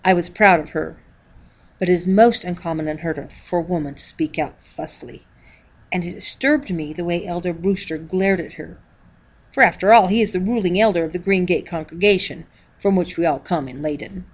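A woman reading a diary-style children's book aloud, calling out the page numbers as she goes. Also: lowish voice. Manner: reads page numbers aloud, measured storytelling. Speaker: reader.

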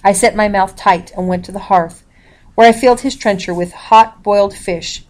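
Woman reading a novel aloud. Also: mid-range voice. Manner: even, measured reading with page numbers announced. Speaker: reader.

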